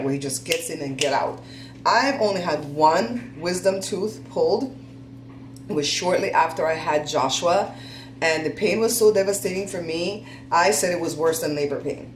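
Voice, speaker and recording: A woman's voice: deep voice, moderate pace, echoey room, a little hiss or hum, rough recording. A woman hosting a casual chat, telling stories in a chatty, laughing, folksy way. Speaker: host.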